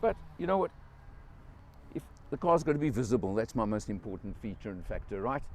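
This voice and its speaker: A man's voice: lowish voice, sing-song, a little fast, slight background noise. A South African man giving an enthusiastic, casual walkaround car review outdoors beside a car, pointing out features as he goes.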